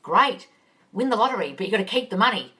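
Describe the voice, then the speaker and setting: A woman's voice: medium pitch, lively intonation, fast, pushed and bright, recorded from a distance. A woman coaching on a phone live stream, reading viewer questions aloud and answering them bluntly and casually, calling everyone darling and swearing freely. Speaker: manifesting coach.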